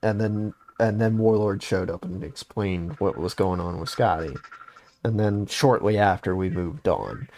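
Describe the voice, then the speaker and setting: A man's voice: sits low, a little slow, a little mellow, a little hiss or hum. A young adult man casually recounting a game story on a podcast, rambling with lots of fillers. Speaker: podcast host.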